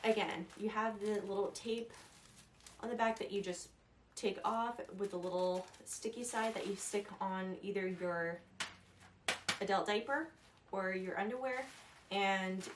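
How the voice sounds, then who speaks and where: A woman's voice: mid-range voice, a little hiss or hum. A young woman vlogging casual advice, chatty and rambling, laughing at herself. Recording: echoey room, a little distant.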